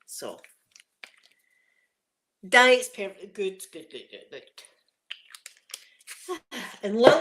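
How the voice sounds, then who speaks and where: A woman's voice: medium pitch, very animated, drawn-out words, long pauses, noisy background. A Scottish woman chatting casually while showing viewers around her home, rambling and laughing often, on a phone she carries around. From Scotland. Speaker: ASMR channel host.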